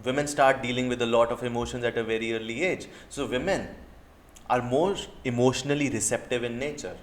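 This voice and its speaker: A man's voice: mid-range voice, brisk, echoey room. An indignant man with an Indian English accent rants straight to camera. He is a dating coach firing off rhetorical questions and casual swearing in a heated reaction video.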